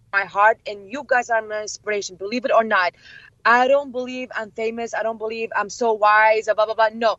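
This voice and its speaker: A young woman and interview guest whose first language is Chaldean, telling excited stories with many laughs and acted-out quotes. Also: on the high side, dry recording. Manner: animated, laughs often, acts out quotes. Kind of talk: excited storytelling. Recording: dull lo-fi, dry.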